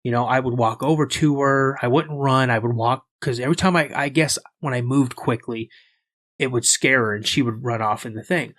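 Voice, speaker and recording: A man from the United States, a podcast guest, telling a story in a casual, animated way and acting out the voices in it. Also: medium pitch, normal speed, no echo.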